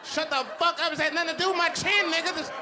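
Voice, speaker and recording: Animated high-pitched comedian, roaring crowd. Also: male voice, fast. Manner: profane, animated, acts out quoted voices. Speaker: stand-up comedian. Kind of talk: stand-up comedy. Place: live comedy stage. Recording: loud crowd laughter over noisy live sound.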